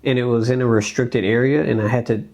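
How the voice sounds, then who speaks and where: A young adult man from the United States telling a story as a dancer guest on a podcast, casual and animated, acting out quoted speech with lots of fillers. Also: medium pitch, quick pace.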